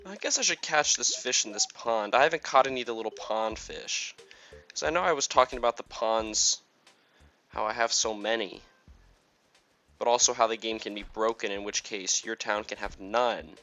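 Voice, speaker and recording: A man's voice: fairly low pitch, normal speed, sharp tone, lo-fi sound. A young man giving casual, rambling commentary while playing a video game, with lots of fillers. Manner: chatty, rambling, with many fillers. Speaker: gaming YouTuber.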